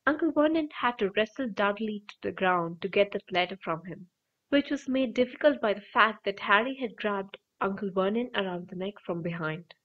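A woman reads a children's novel aloud, telling the story with lively expression. Her voice sits at a middle pitch, and the recording sounds dull and lo-fi. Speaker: audiobook reader. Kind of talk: audiobook narration.

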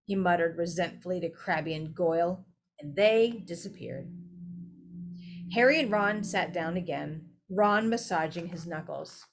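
Woman, storybook narration, expressive, mid-pitched, occasional self-corrections, faint music underneath. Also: unhurried. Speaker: audiobook reader.

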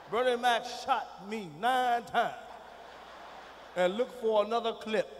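A middle-aged man doing a profane stand-up comedy routine on a big arena stage, dropping from low muttering to shouting. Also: slow, pauses often, a little hiss or hum. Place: large arena stage with audience. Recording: live hall recording with reverb.

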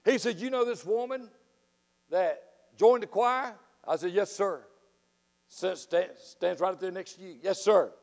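Fiery Southern preacher in a reverberant church. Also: male voice, unhurried, vocal fry. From Florida. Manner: folksy and fiery, swinging from loud outbursts to low asides. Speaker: guest revival preacher. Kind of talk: revival sermon with storytelling. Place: church sanctuary. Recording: long reverb of a church sanctuary.

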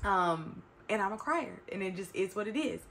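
A woman's voice: medium pitch, lively intonation, moderate pace, a bit bright. A woman in her thirties talking to her viewers in a chatty, emphatic way, often calling them y'all. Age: 30s. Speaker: vlogger. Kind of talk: reflective casual talk to camera.

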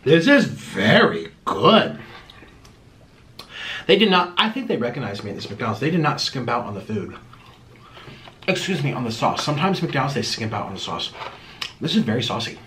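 A man's voice: medium pitch, very animated, moderate pace, pauses often, a bit bright, slight background noise. A man hosting an eating vlog at home, talking to camera in a bossy, dramatic way while chewing his food. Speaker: mukbang vlogger.

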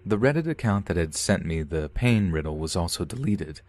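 A man reading a first-person horror story as a podcast narrator, calm and measured. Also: low voice, no echo.

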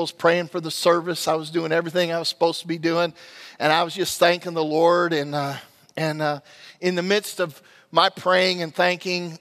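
Male pastor, animated storyteller, self-mocking sermon, ringing sanctuary sound. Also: on the high side, big-room sound.

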